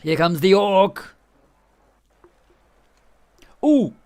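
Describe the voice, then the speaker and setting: Male streamer, higher register, chatty and excitable play-by-play. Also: extremely slow. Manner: excitable, chatty, laughing often. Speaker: game streamer. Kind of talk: live game commentary.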